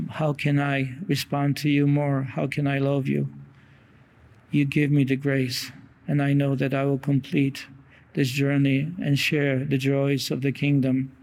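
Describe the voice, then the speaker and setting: A man preaching a sermon in an earnest way, reading long quotations aloud with pauses and small restarts. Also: medium pitch, creaky, darkish tone.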